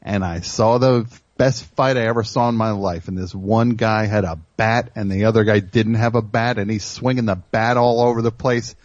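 A man's voice: lowish voice, fairly even intonation, moderate pace, few pauses, no room sound, dull audio. A man hosting a comedy radio show in a studio, rambling through stories and teasing his crew. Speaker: host.

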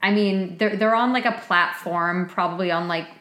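A woman's voice: fairly low pitch, moderate pace, a bit bright, reverberant. A woman from Massachusetts co-hosting a podcast, chatting casually and swearing now and then. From Massachusetts South Shore. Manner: chatty, quotes characters in put-on voices, swears. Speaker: podcast co-host. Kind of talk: casual chat.

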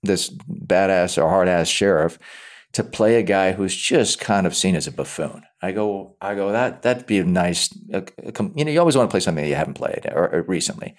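A man being interviewed about his acting work, talking in a halting way and often repeating words as he thinks aloud. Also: low voice, animated. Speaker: actor, interview guest. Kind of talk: casual interview talk.

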